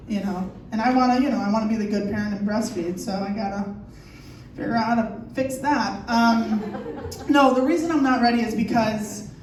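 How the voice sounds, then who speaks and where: A woman in her thirties doing a crude, animated stand-up comedy set on a comedy theater stage, acting out scenes in shouted voices. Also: mid-range voice. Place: comedy theater stage before a laughing audience. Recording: distant, echoey club recording with audience noise.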